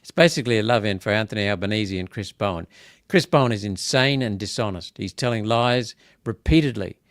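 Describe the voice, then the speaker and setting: An Australian senator hosts a live political commentary in a lowish voice, talking a little fast. Casual at first, he repeats himself as he turns indignant and rises to emphatic outbursts. The sound is clean studio audio with no room sound.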